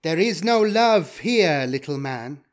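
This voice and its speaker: A man's voice: medium pitch, lively intonation, measured pace, close to an everyday voice. A man voicing a harsh, scornful woman cult leader in an audio story. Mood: taunting. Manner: cold, taunting.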